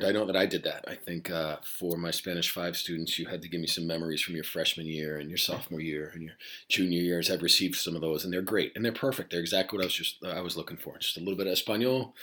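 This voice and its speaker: Rambling low-voiced male teacher. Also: a bit bright. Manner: rambling, reflective, many fillers and restarts. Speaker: high school Spanish teacher. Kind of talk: casual podcast talk to students. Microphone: home podcast mic.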